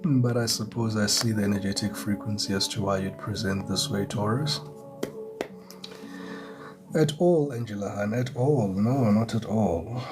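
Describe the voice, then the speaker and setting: A man's voice: on the low side, unhurried. A man giving a chatty live tarot reading, greeting viewers and chuckling often. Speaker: tarot reader. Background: music.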